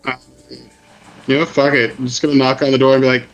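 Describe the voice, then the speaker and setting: A man's voice: medium pitch, little pitch movement, fast, muffled recording, soft background music. A man playing a tabletop game, joking in a hesitant way and laughing often. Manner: jokey, hesitant, with frequent laughing. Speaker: player. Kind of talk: casual tabletop game chat.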